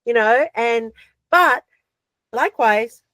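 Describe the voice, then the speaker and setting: A woman with an Australian accent, a podcast guest telling stories in a chatty, animated way with lots of fillers. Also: fairly high pitch, slow pace, no room sound. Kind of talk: casual chat.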